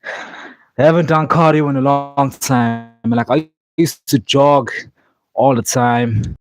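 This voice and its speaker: A man's voice: mid-range voice, steady tone, slow pace. A man on a livestream, out of breath and boasting to his chat. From South Africa. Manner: boastful, talking straight to chat.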